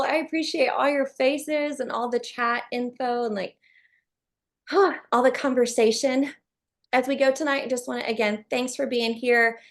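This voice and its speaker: On a video call, a woman presenting an online business call delivers an enthusiastic, chatty sales pitch to viewers. She often says "you guys" and "um," and her voice has vocal fry.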